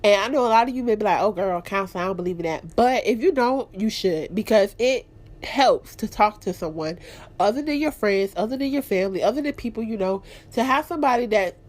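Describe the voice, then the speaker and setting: A woman hosting her own podcast, talking candidly and expressively about her week and her faith, clearing her throat now and then. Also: fairly high pitch, expressive, brisk, a little mellow. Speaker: podcast host. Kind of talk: casual personal talk.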